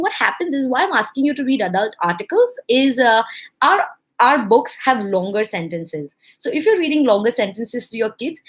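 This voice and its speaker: A young woman talks parents through early learning in a casual, animated way. She acts out their voices as she goes, with a lively, friendly delivery. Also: medium pitch. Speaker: parenting educator. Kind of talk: casual instructional talk to parents.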